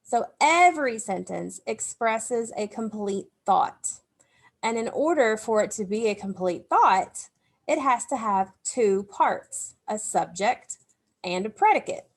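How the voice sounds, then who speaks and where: Slow, patient woman teaching young kids. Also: a little high, animated. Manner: slow, patient, explains step by step to children. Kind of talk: recorded remote phonics lesson.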